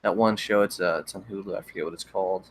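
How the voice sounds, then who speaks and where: A young man hosting a livestream, chatting casually with viewers in a relaxed, rambling way with frequent stammered restarts. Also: low-pitched, fast talker, a little hiss or hum. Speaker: livestream host. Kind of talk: casual chat reading viewer comments.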